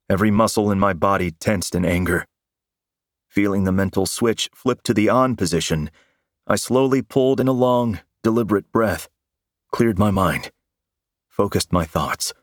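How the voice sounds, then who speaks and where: A man giving dramatic first-person fiction narration in an intense, measured storytelling manner. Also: deep voice, no echo, studio quality.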